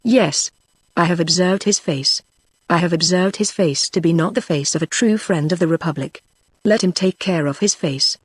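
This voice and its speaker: A synthetic British woman's voice reading the lines of a stern, scornful middle-aged woman wine-shop keeper, with flat delivery. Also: on the low side, moderate pace, slightly rough, no room sound. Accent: British English. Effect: synthetic text-to-speech voice.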